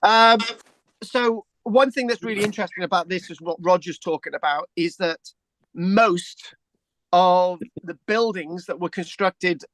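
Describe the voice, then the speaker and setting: A man's voice: high voice, measured pace, a bit bright, no room sound. A man from England hosting a casual chat, rambling through an anecdote, repeating words and tagging "right?" onto his sentences. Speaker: host.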